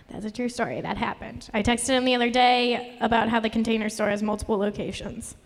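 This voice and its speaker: She's a young stand-up comedian performing live at a comedy venue, rambling nervously and running herself down in a voice that seems ever near tears. Her delivery is brisk and flat at a medium pitch, with long reverb from the room.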